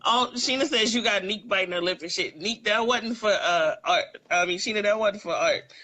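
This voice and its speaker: A woman's voice: mid-range voice, normal speed, bright, forceful tone, low-quality recording. A woman hosting a casual political chat show, teasing her co-host and reading out viewer comments.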